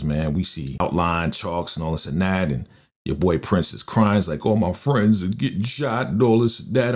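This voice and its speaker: A man's voice: low-pitched, darkish tone. A man hosting a casual recap of a TV episode, retelling scenes and acting out the characters' lines in slang. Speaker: recap channel host. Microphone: studio podcast microphone.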